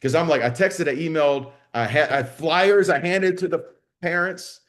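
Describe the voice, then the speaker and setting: With a fairly high pitch and a moderate pace, a male business coach leads a live online session for martial arts school owners. His delivery is blunt, salty and energetic, and he often acts out both sides of conversations.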